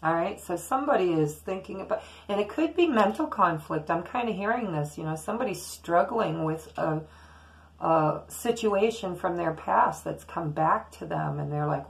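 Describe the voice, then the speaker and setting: A woman's voice: on the low side, lively intonation, moderate pace, vocal fry, low-quality recording. A woman giving a casual, rambling daily tarot reading straight to camera, talking in a chatty, intuitive way. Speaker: tarot reader.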